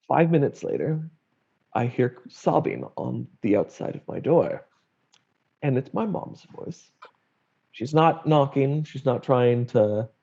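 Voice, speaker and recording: Young man, gravelly and dark-toned, wry candid storyteller, dull lo-fi recording. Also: medium pitch. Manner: wry, blunt, acts out family quotes. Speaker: guest sharing his story. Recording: dull lo-fi audio.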